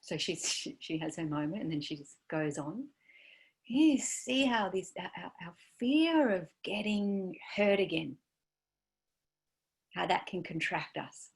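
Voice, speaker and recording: A woman giving a dharma talk as a meditation teacher, gentle and searching, trailing off softly with many fillers. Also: on the low side, big pitch swings, takes it slowly, creaky.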